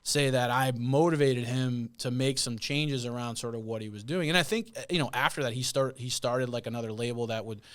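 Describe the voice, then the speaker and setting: A man's voice: medium pitch, fairly even intonation, brisk, few pauses, a bit bright, clean tone. A man speaking as a podcast guest, with a mid-range voice. He tells stories in a reflective, conversational way, sometimes playful. The delivery is casual and unscripted. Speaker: podcast guest, concert promoter. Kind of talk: casual interview chat.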